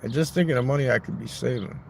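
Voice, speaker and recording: Talking into his phone in a neighborhood park, a man hosts a rambling, crude livestream, joking and talking back to chat. His mid-range voice is gravelly and fast, with a little hiss or hum in the audio.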